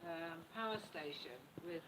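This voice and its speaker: A man explaining in a halting, hesitant way, heard faintly in the background. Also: a little high, a loud crowd. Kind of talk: casual explanation. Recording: quiet, distant voice under loud clicking noise.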